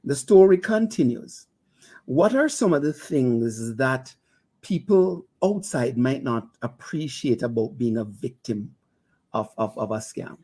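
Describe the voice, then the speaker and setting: An older man with a Jamaican accent hosts a casual interview. He jokes easily and stammers through restarts. His questions come out in a relaxed, conversational way. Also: mid-range voice, unhurried, breathy edge. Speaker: interview host.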